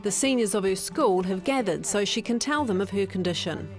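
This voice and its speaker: A woman giving measured, scripted documentary narration. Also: mid-range voice, animated, music in the background.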